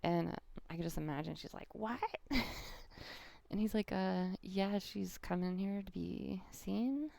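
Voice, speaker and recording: A middle-aged woman, a tarot reader, telling a personal story to viewers in a lively way and acting out the people in it. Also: medium pitch, unhurried, creaky, no echo. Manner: animated storyteller, acts out quoted voices.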